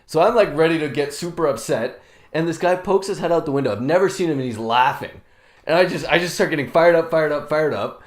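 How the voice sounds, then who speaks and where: A young man with a slightly higher voice chats casually on a podcast recorded in a sauna. He swears freely, laughs often and loudly acts out what people said to him in his stories. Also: expressive, fast. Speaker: podcast co-host. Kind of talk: casual chat, storytelling.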